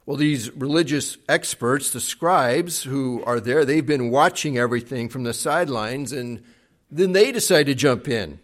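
A man preaching a sermon, retelling a Bible story with dramatic swings between loud acted quotes and soft, hushed passages. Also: mid-range voice, expressive, unhurried. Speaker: pastor.

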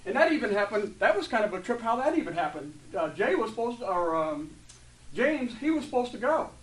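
Middle-aged guy rambling through a heartfelt testimony, bit high-pitched, sounds far from the mic. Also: brisk. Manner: rambling and heartfelt, with many fillers and restarts; gets loud and animated when retelling stories. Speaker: church member sharing a testimony. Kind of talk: casual spoken testimony to a group. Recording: distant mic with faint room ambience.

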